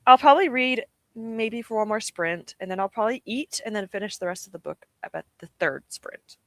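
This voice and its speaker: A woman's voice: mid-range voice, fairly quick, no room sound. A young woman streamer chatting casually and giggling often, poking fun at herself. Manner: chatty, giggly, self-deprecating. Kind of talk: casual livestream chat.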